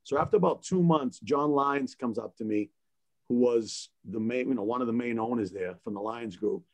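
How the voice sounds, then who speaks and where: A man's voice: medium pitch, moderate pace. A man, a guest DJ on a panel, telling stories in casual talk, laughing and acting out the lines of people he quotes. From Boston area. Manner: animated, laughing, acts out dialogue in his stories.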